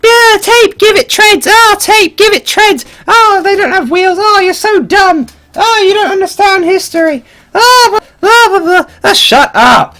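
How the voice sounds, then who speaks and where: A whiny, nagging know-it-all heckler , as a man puts him on, screeching in a strained falsetto far above his own register. He scolds loudly and mockingly in a streamer's game livestream. The voice squeals and swoops around. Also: expressive, measured pace, heavily acted. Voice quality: shrieking falsetto. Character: whiny shrill male know-it-all chat commenter.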